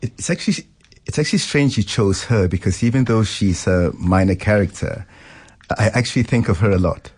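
Deep, husky-voiced male author. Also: fairly quick, darkish tone. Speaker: novelist guest. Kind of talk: radio interview.

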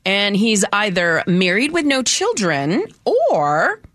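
A woman presenting a light morning show segment in a chatty, lively manner. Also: medium pitch, slow, dry recording, clean studio sound. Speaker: show contributor.

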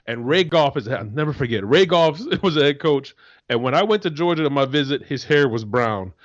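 A man co-hosting a casual sports talk show, telling animated stories and often restarting his sentences. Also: mid-range voice, brisk, lo-fi sound. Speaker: co-host, former NFL defensive tackle.

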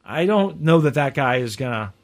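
A man co-hosting a podcast, chatting casually and telling animated stories. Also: medium pitch, moderate pace. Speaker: podcast co-host. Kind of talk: casual chat.

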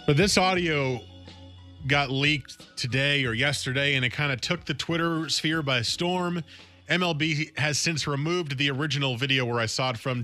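A man's voice: mid-range voice, pushed and bright. A man hosting a sports talk radio show, talking in a casual, opinionated way and often repeating words as he thinks aloud. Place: radio studio.

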